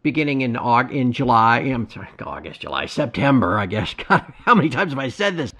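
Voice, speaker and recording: Gloomy, wry middle-aged man, lively pitch. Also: brisk. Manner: wry, self-deprecating, gloomy humor. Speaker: precious metals site host. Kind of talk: casual podcast chat. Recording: dull lo-fi audio.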